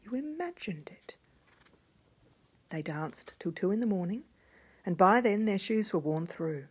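A woman reading a fairy tale aloud in a hushed voice that often drops to a whisper. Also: lowish voice, moderate pace, slightly rough. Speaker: storyteller.

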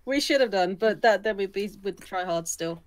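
A woman's voice: medium pitch, a little fast. A woman chatting casually as a guest gamer over an online voice call, patiently explaining the matchmaking. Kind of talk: casual gaming chat.

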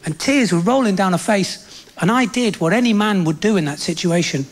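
A man doing a bawdy stand-up routine, breaking into exasperated, high-pitched rants. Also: a little fast. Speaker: stand-up comedian. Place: theatre stage with a laughing audience. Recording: live theatre recording with loud audience noise.

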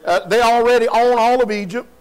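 A man's voice: extremely high pitch, fairly even intonation, a little fast, a little mellow, clear, resonant tone. A man preaching a sermon in a church hall, colloquial and loose, firing questions at the congregation and laughing between points. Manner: call-and-response preaching, asks the congregation questions.

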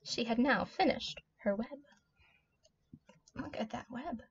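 A woman's voice: fairly high pitch, takes it slowly, slightly rough. Woman teacher reading aloud to preschoolers. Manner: gentle, child-directed, expressive storytelling. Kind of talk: reading a picture book aloud to young children. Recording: dull lo-fi audio.

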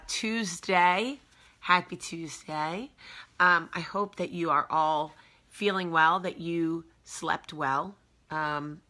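A chatty woman in her forties hosts a casual morning live chat from her home. She greets viewers one by one, and her fairly low voice has a bright, forceful edge. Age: 40s. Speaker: host.

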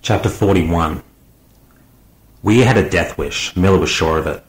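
A man narrating an audiobook in a measured, unhurried reading. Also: low-pitched, roomy sound, poor audio.

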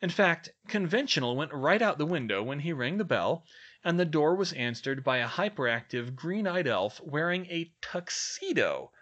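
A man reading a story aloud in a lively, expressive way. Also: on the high side, lo-fi sound. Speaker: reader. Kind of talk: audiobook narration.

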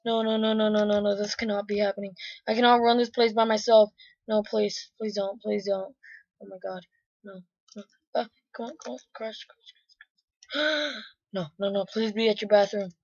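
A woman gamer recording a let's-play in casual chat, excitable and often yelling and pleading in panic. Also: mid-range voice, normal speed, dry recording, lo-fi sound.

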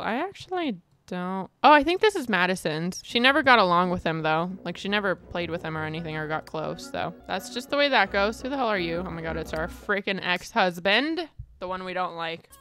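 A woman's voice: lowish voice, lively intonation, fairly quick, a bit bright. A young woman giving dramatic, exasperated casual commentary while playing a life-sim game. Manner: dramatic, exasperated, mild cursing. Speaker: gaming streamer.

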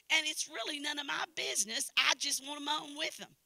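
An older woman from Knoxville, Tennessee, preaches in a sermon, her East Tennessee Southern accent plain. Her voice sits high and cuts with a sharp, forceful brightness. The sound is dry, and she drives points home through repetition, moving from loud declarations to hushed asides. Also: fairly even intonation, a little fast, vocal fry, hardly any pauses, no echo. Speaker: guest preacher. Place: church service.

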